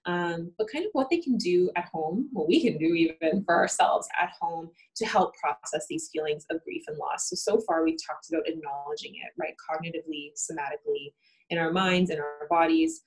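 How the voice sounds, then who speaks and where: In a low-quality recording, a woman therapist with a low-pitched, brisk voice talks with a colleague about coping. She thinks aloud and keeps checking in with "right?"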